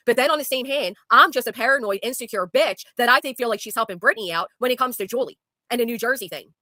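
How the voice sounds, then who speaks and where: Woman, fast-talking, angry profane rant, sarcastic host, dry close sound. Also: fairly high pitch, pushed and bright, no room sound. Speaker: YouTube commentary host. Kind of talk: heated casual talk with a guest.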